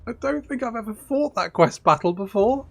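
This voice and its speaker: Male let's-play host, bright and lively, unhurried, prone to sweary outbursts. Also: extremely high pitch, creaky. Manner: excitable, swears freely, exasperated outbursts. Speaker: gaming channel host. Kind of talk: strategy game let's play commentary.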